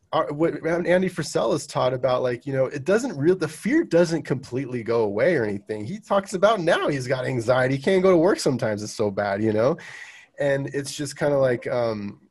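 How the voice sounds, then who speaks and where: A man's voice: medium pitch, a little mellow. A man in his thirties, a roofing business owner, talking as a guest in a casual podcast interview, full of restarts and fillers. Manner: halting, many restarts and fillers.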